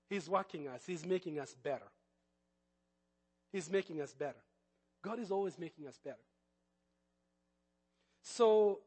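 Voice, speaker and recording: A middle-aged man preaching, telling a personal story in an animated, expressive way. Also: on the high side. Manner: animated storytelling, lively swings of loudness. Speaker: pastor.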